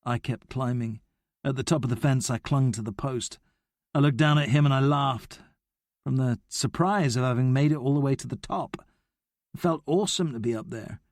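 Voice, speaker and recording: A man reading a novel aloud in a measured, steady first-person narration. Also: medium pitch, no room sound, clean studio sound. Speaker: audiobook narrator.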